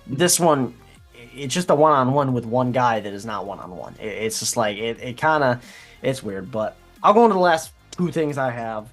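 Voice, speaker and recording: A young man on a casual sports podcast, telling an animated story and laughing as he goes. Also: normal speed, faint music behind. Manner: animated, laughing, imitating people in a high voice. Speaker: podcast co-host.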